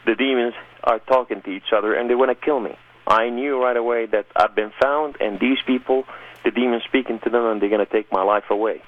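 A man's voice: medium pitch, steady tone, brisk, dry recording. A man telling his personal testimony in an earnest, rising way, heard over tinny phone-line radio audio. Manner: earnest storyteller, rising intensity.

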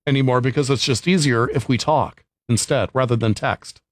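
A man's voice: mid-range voice, moderate pace, no echo, clean studio sound. A man co-hosting a radio show, telling casual stories in an easygoing way. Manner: easygoing, storytelling, laughs. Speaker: radio co-host.

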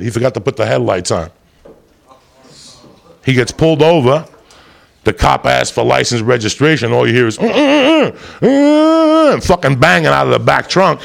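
A man's voice: medium pitch, vocal fry. A man telling a long story in casual chat, rowdy and profane, full of asides to the listener. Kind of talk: casual chat, crime anecdote.

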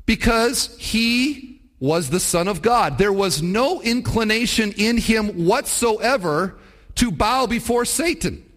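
High-voiced man preaching a sermon. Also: expressive, slow, fairly bright tone. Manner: conversational preaching with rhetorical questions. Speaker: pastor.

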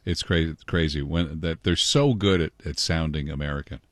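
Deep-voiced male radio host. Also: no room sound, clean studio sound. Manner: easygoing, halting with fillers. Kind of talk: morning radio show. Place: radio studio.

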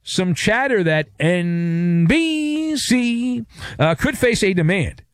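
A man's voice: high voice, big pitch swings, takes it slowly, smooth, no echo. A man hosting a sports talk radio show, giving a sarcastic, wisecracking monologue.

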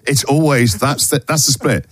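A man's voice: mid-range voice, normal speed, husky, no echo. A man hosting a breakfast radio show in casual chat, reading a listener's story aloud and laughing along. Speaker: radio host. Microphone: studio microphone.

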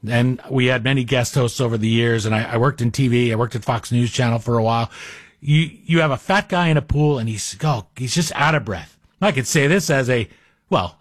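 A man's voice: medium pitch, no room sound, studio quality. Chatty self-mocking talk radio man. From Greek heritage. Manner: chatty, self-deprecating, digressive. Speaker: radio guest host.

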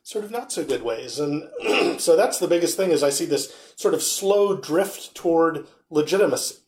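A man's voice: fairly high pitch, lively intonation, normal speed, a little mellow, echoey room. A man on a podcast as a guest, chatting and telling a wry anecdote. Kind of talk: casual chat, storytelling.

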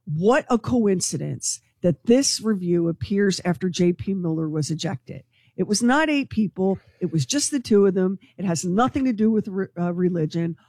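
A woman co-hosting a morning radio show, telling a news story to her co-hosts in an excitable, gossipy way. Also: medium pitch, no echo. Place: radio studio.

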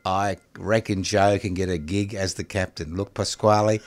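A man's voice: low-pitched, steady tone, normal speed, dry recording. An Australian man co-hosting a radio talk show, joking and mock-outraged in sarcastic banter. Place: radio studio.

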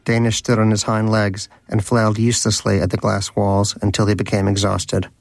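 A man narrating an audiobook in a wry, deadpan manner. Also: on the low side, moderate pace, vocal fry, no room sound. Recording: music playing behind.

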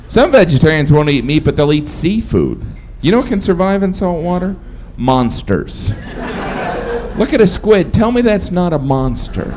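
Animated stand-up comic man. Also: fairly high pitch, normal speed, background noise. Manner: animated, slipping into mock voices for the bits. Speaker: stand-up comedian. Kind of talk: stand-up comedy set.

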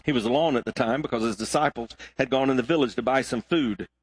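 A man's voice: mid-range voice, fast, husky, no room sound. A man preaching a sermon to a congregation, asking his listeners questions as he teaches. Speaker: pastor. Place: church sanctuary.

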